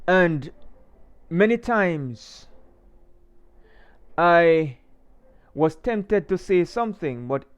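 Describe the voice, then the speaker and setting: A man's voice: fairly high pitch, animated, drawn-out words, pauses often, clear, resonant tone, highs cut off. A man hosting his own channel, giving a motivational faith talk and emphatically repeating slogans for viewers to say along with him. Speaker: channel host.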